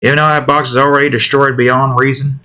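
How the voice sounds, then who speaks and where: A man's voice: medium pitch, level tone, quick pace, sharp tone. A man talking casually to himself while drawing digital art, muttering about his work and snapping at his cat. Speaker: artist drawing on stream.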